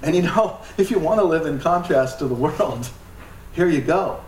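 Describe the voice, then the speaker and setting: A man's voice: fairly high pitch, animated, moderate pace, a little mellow, slight background noise. A man preaching a sermon as pastor, emphatic, with joking asides and laughs. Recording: echoey hall from far off, light ambience.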